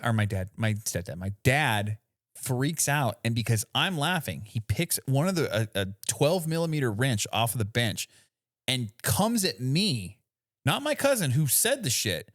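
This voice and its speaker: A man co-hosting a podcast in casual chat, his voice mid-pitched and plain. He rambles with plenty of fillers and curses as he tells a story. The recording is dry and close. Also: no echo. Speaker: podcast co-host.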